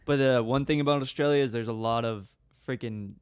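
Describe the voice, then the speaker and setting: A man's voice: medium pitch, fairly quick, clear, resonant tone, dry recording, studio quality. A young man co-hosting a podcast, telling a rambling story in casual chat and laughing often. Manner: rambling, laughs often, slips into quoted voices. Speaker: podcast co-host.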